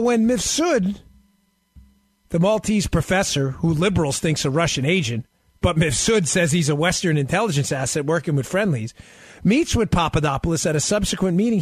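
Hosting a political talk radio show, a man argues animatedly and fires rhetorical questions directly at his listeners. His voice sits high with a breathy edge, recorded with no room sound.

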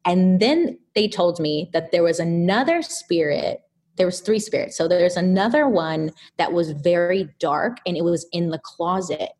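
Chatty, animated low-voiced woman. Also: moderate pace. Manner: animated, chatty, filler-heavy. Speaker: podcast guest. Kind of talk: casual storytelling.

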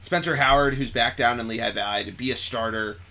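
A man hosting a podcast, chatting casually and excitably about sports, rambling and correcting himself as he goes. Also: mid-range voice, brisk, creaky. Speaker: podcast host.

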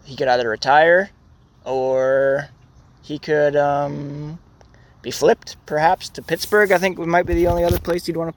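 A podcast host in casual chat, talking in a relaxed, rambling way about sports news. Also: medium pitch, measured pace. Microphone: studio microphone.

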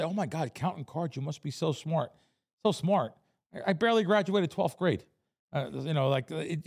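A professional sports bettor from the Bronx, with a gravelly voice that runs a little high, bluntly relates stories in a casual interview. He tells them in an animated way.

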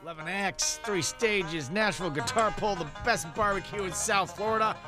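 A man's voice: high-pitched, normal speed, over music. A man co-hosting a morning radio show, joking and teasing with big, exaggerated reactions. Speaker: radio co-host.

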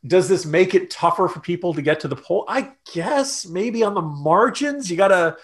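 A man co-hosting a political podcast, talking loosely and mockingly, jumping up in pitch to mimic the views he scoffs at. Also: lively intonation, moderate pace. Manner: sarcastic, mocking quotes in a raised voice; loose and conversational with restarts. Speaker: podcast co-host.

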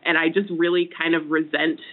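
A woman in her twenties, a games reporter, chatting casually and quoting herself with animated lifts in pitch. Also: a little fast. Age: 20s. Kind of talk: casual chat. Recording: tinny phone line.

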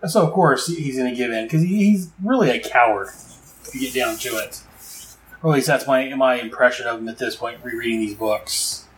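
A man's voice: medium pitch, a little fast, echoey room, rough recording. Rambling man recapping a comic. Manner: rambling, fillers, enthusiastic asides. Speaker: comic book reviewer. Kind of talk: casual recap and commentary.

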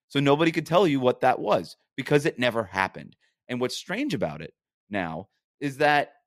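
A man's voice: medium pitch, no room sound. Guy ranting on his sports podcast, pushy and argumentative, keeps going "right?", dry close mic. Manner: emphatic and argumentative, with frequent rhetorical "right?". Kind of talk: casual sports talk monologue.

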